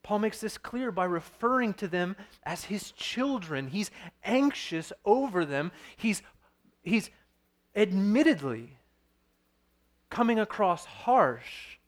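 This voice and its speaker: A man's voice: sits high, animated, takes it slowly, long pauses. A man in his thirties preaching a sermon as pastor, earnest and storytelling, with frequent restarts.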